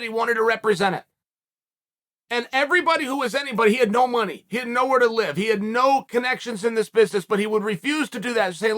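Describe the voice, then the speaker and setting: A man holds forth on his own show in a loud, cocksure monologue, talking straight to his audience. His voice sits very high for a man, and the tone is bright and forceful. He hammers his points home with full confidence. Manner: brash, self-assured and emphatic, addressing viewers as "guys". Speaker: podcast host. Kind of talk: casual commentary monologue.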